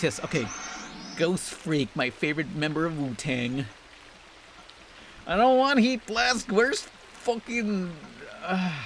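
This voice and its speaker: A man's voice: high-pitched, a little hiss or hum. Sarcastic foul-mouthed young man gaming. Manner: crude, sarcastic, swears constantly. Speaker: let's play host. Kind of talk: profane gameplay commentary.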